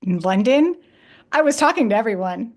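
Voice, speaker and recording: A woman chatting casually on a livestream, excitable and rambling, swearing freely as she tells her story. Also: a little high, moderate pace. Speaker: community member on a livestream. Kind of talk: casual chat.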